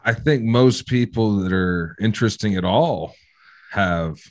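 Male host, deep voice, soft tentative questions. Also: measured pace. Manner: gentle, tentative questioning, trails off. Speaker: podcast host. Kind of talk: conversational interview.

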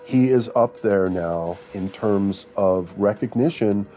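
Documentary interviewee, male, mellow, measured delivery over faint music. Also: lowish voice. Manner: measured, asks and answers his own questions. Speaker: interviewee, film commentator.

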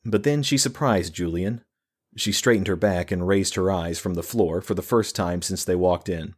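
Deep-voiced male audiobook narrator. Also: normal speed, husky. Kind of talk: scripted narration.

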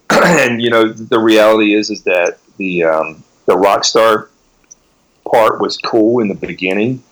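A man in his forties, a guest in a casual interview, telling animated road stories and swearing freely. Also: on the low side, measured pace, poor audio. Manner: animated storyteller, swears freely, acts out quotes.

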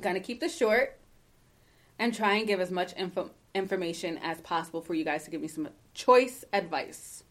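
A woman's voice: on the low side, normal speed, a bit bright. A woman co-hosting a casual podcast, talking emphatically and passionately, cursing freely and laughing often, and at times reading a listener's letter aloud. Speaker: podcast co-host.

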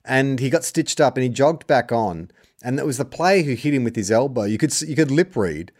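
A man co-hosting a casual sports chat, jokey and animated, laughing often. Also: medium pitch, a little fast. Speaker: podcast co-host.

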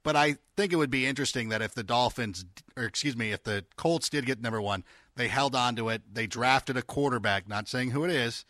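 A man co-hosting a casual sports podcast, chatty with quick asides. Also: mid-range voice, sharp tone, no room sound, clean studio sound. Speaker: podcast co-host.

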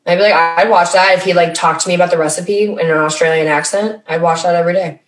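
A woman's voice: lowish voice, fairly even intonation, fast talker, echoey room, music in the background. Chatty woman, a bit far from the mic. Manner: chatty, many likes, laughs often. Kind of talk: casual chat.

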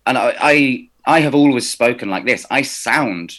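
Animated chatty English man. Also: medium pitch, normal speed. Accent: slightly posh West Country English. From Somerset, England. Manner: chatty, restarts often, animated. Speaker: podcast co-host. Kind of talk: casual chat.

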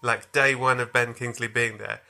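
A man's voice: medium pitch, steady tone, moderate pace, vocal fry, pushed and bright. A man hosting a podcast, chatting casually and animatedly with playful swearing. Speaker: podcast host. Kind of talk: casual comedic chat.

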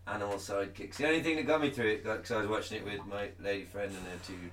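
A man's voice: on the low side, rapid-fire, a bit bright. A man co-hosting a podcast in casual, rambling, self-mocking chat, laughing often. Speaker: podcast co-host. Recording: roomy, distant mic with background noise.

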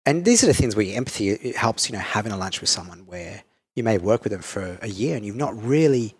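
A man's voice: lowish voice, animated, quick pace, husky. An Australian man from Perth, a business owner, talking reflectively in an interview with many fillers and restarts.

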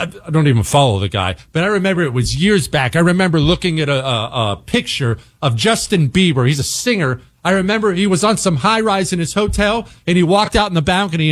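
Emphatic male talk show host, lively pitch. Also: no room sound, studio quality. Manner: emphatic, slows to hammer points. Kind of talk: opinion monologue.

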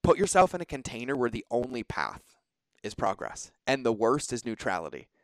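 A man's voice: medium pitch, fairly quick, no echo. Emphatic, swearing male podcast host. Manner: energetic, emphatic, swears casually. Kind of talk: casual podcast conversation.

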